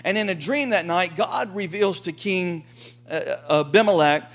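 A man preaching a sermon in a lively, folksy way, acting out quotes from the story. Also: high-pitched, a little slow. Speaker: pastor.

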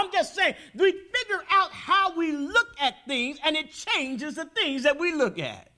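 A man preaching a sermon as pastor in a church, building to loud, shouted peaks. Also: very high-pitched, big pitch swings, unhurried, hardly any pauses. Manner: preaching with rising, shouted peaks and call-and-response. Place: church sanctuary.

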